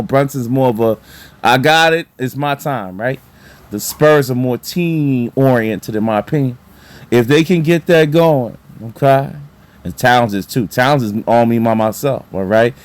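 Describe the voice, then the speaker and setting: A man chatting casually about basketball as a vlogger, animated and excitable, with lots of fillers and repeated words. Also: medium pitch. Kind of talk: casual sports talk.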